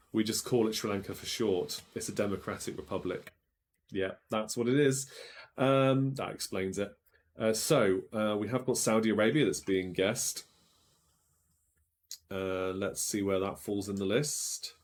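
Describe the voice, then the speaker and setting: A man hosting a live-streamed quiz, chatting as he reads out viewers' guesses and checks them aloud. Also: fairly low pitch. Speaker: quiz show host.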